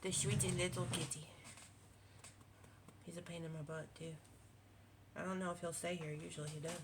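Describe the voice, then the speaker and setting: At home with her cats, a woman who vlogs about quilting chats casually, rambling with lots of fillers and restarts. Her fairly low voice has little pitch movement, moves at normal speed, and comes with background noise.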